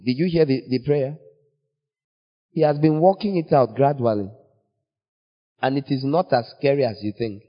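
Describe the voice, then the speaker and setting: A man preaching a sermon in a playful, teasing way, with sudden jumps in pitch. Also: normal speed, long pauses. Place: church. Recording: long church reverb, dull lo-fi sound.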